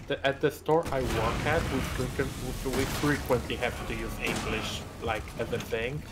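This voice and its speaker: Man, rambling chat. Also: mid-range voice. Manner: swearing, rambling with restarts. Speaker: streamer chatting with friends. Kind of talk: casual gaming chat. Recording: faint background hiss.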